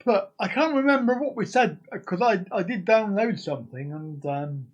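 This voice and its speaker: A man's voice: high voice, expressive, moderate pace, husky, dull audio. Jokey rambling man hosting a live stream. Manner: jokey, rambling, sings and laughs along. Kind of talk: casual live stream chat.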